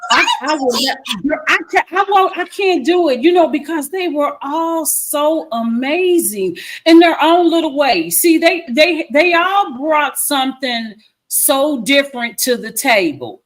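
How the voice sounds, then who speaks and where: A woman's voice: sits high, animated, unhurried. A woman, chatting effusively as a filmmaker guest and repeating herself for emphasis. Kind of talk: casual interview chat.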